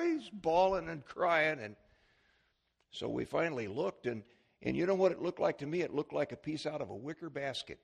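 A man's voice: on the high side, animated, moderate pace, gravelly, husky. A middle-aged man preaching a sermon as pastor, telling anecdotes and acting out the voices in them. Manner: storytelling preacher, acts out voices in his anecdotes.

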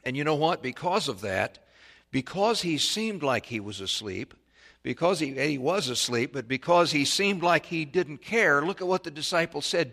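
A man preaching a sermon, telling a folksy childhood story that builds to loud, excited peaks. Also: on the high side, normal speed. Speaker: pastor.

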